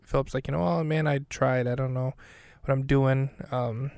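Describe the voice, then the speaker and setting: A male podcast host with a gravelly, smooth voice that stays on a level, flat pitch. He recaps an episode in a loose, casual way, full of fillers and quoted dialogue. The sound is dry and close. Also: moderate pace, no room sound.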